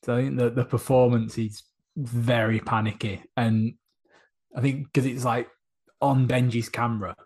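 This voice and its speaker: Laid back guy talking movies, bit husky, lots of "like" and "i think". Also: mid-range voice, level tone, moderate pace, a little mellow. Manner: easygoing, chatty, hedging with "like" and "I think". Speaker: podcast co-host. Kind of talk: casual chat.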